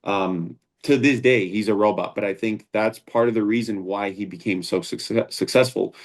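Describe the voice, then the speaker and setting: A man with a fairly low voice talks as a guest in a relaxed interview. He tells his stories earnestly and at length, often restarting his sentences. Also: normal speed. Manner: earnest, rambling with frequent restarts. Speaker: founder and combat sports instructor, guest. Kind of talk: casual interview storytelling.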